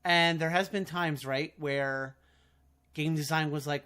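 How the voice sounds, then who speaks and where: A man hosting a casual podcast interview, speaking haltingly with many restarts. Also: on the high side, fairly even intonation, pushed and bright, clean tone. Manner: halting, full of fillers and restarts. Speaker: podcast host.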